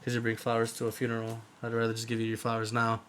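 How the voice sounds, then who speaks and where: A man's voice: medium pitch, monotone, very fast, a bit bright. A young man co-hosting a casual podcast, rambling loosely and swearing freely. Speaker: podcast co-host. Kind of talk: casual chat.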